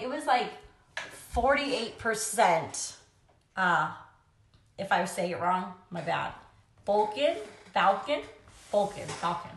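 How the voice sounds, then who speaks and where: A young woman, a vlogger and mom of three, chats casually into her phone camera at home while doing her makeup, recorded in an echoey room. Her voice is lowish and a bit bright, and she rambles and laughs often.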